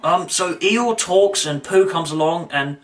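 A man narrating a comic review with mock-dramatic flair and sudden over-the-top outbursts. His voice is bright and sits a little high. The mic sounds slightly distant, with faint music underneath. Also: a little slow. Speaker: video reviewer. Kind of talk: comic commentary.

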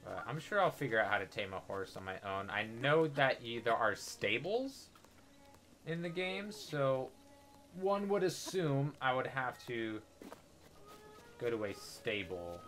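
A man's voice: medium pitch, big pitch swings, a little slow, a bit bright, soft background music. A young man giving casual, joking commentary over his game playthrough, sarcastic and profane. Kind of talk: casual let's-play commentary.

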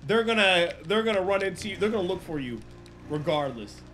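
A man's voice: high-pitched, animated, brisk, fairly bright tone, faint music behind. A man streaming a roleplay game, chatting casually, swearing freely and explaining rules to other players. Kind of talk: casual livestream chat.

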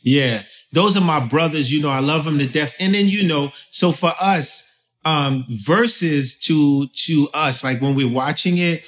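A man from Haiti talking as an interview guest, telling stories in a loose, animated way with lots of fillers. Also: fairly high pitch, measured pace. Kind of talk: casual conversation.

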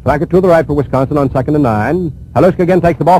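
A man giving live radio play-by-play of a football game, calling each play in a brisk, steady flow. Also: fairly high pitch, slight background noise, rough recording. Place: press box at a stadium.

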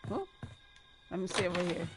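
A woman giving chatty, excitable gameplay commentary and laughing often. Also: fairly low pitch, a little fast, soft background music. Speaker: gamer.

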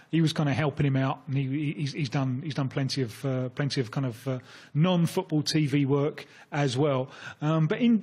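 A man from England, a football expert guest on a radio phone-in, talking in a relaxed, self-deprecating way with many restarts. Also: a little high, husky. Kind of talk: casual radio discussion. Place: radio studio.

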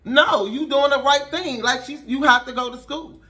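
A woman's voice: high voice, moderate pace, fairly bright tone. Blunt, preachy woman vlogger sounding off. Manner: preachy, rhetorical and blunt, with slangy asides. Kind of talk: impassioned casual commentary monologue.

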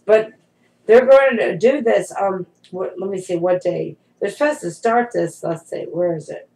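A woman's voice: medium pitch, measured pace, creaky, darkish tone, low-quality recording. A middle-aged woman giving an informal prophetic sermon, talking conversationally and emphatically to her followers, calling them saints.

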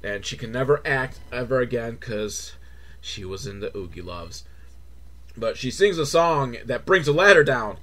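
A man recapping a movie as comedy, sarcastic and swearing, switching from flat muttering to shrill mock excitement. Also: moderate pace. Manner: sarcastic, swears, mocking kid-show cheer. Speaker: movie reviewer.

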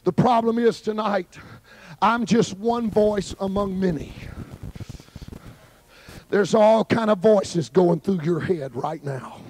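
A man preaching a fervent Pentecostal sermon at a youth camp service and shouting in bursts. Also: high-pitched, takes it slowly, long pauses, slight background noise.

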